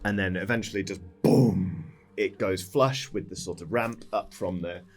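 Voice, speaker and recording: A man's voice: low-pitched, moderate pace. A man running a tabletop game as dungeon master, narrating in a loose, descriptive way with fillers and sound effects.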